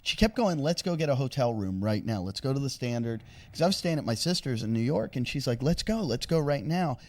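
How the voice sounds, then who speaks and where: A man's voice: medium pitch, lively intonation, a little fast. A man, a comedian, telling a long, crude anecdote on a casual podcast and chuckling as he goes. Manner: rambling, profane anecdote with chuckles.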